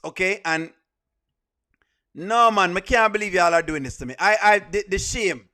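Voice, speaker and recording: A man with a Jamaican accent chats on a live reaction stream in a high-set voice. He teases and pleads with his viewers and breaks into laughter often. His tone is bright and ringing. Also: normal speed. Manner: playful, pleading, laughs often, argues with the chat. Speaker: streamer and show host.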